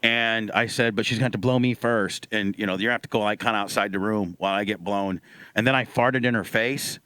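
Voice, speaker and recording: A man's voice: lowish voice, fairly even intonation, brisk, sharp tone, smooth, no room sound, low-quality recording. A man hosting a radio show, talking in brash, profane, boisterous banter.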